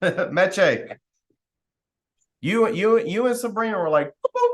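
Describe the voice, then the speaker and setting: A fired-up man leads a team call with a motivational talk. He acts out other people's lines and laughs between points. His voice sits a little high and swoops all over the place. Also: takes it slowly. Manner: animated, acts out quoted people; laughs often, rambling restarts. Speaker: team leader hosting a call.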